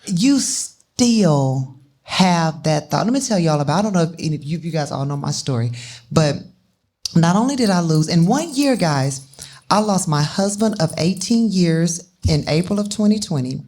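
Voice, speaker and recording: A woman's voice: fairly low pitch, expressive, moderate pace, darkish tone. A woman co-hosting a live talk show, speaking heartfelt and emotionally about grief. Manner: heartfelt, tearful at times. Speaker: co-host.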